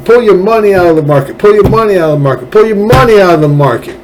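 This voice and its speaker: A man's voice: high-pitched, expressive, fast, a little mellow, slight background noise, rough recording. A man hosting a political podcast, ranting angrily with sarcasm and profanity. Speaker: podcast host. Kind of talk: political commentary rant.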